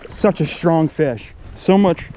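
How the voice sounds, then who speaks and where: Excitable man narrating on a windy river. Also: on the high side, slow pace. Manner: excitable, talks straight to viewers, repeats exclamations. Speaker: fishing vlogger. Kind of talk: live commentary to viewers while fishing. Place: outdoors on a river. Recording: outdoor recording with wind and water noise.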